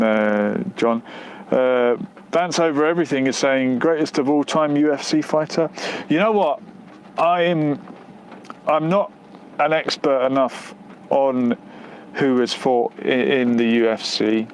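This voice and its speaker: Guy chatting on a live stream, rambly and hesitant, lots of ums, faint traffic in the back. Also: medium pitch. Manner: rambling, hesitant, many fillers and restarts. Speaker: livestream host reading viewer comments. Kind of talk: casual live-stream chat. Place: near the outskirts of West London.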